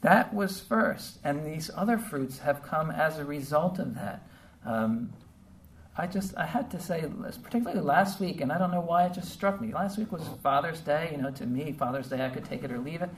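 Male pastor, heartfelt sermon, halting and conversational, recorded from a distance, faint background noise. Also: a little high, lively intonation. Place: church service.

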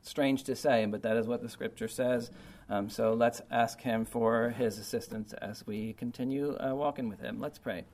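A man's voice: mid-range voice, steady tone, moderate pace, a little mellow. A man preaching a sermon in an informal, conversational way, often checking in with "okay" and "right". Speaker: pastor.

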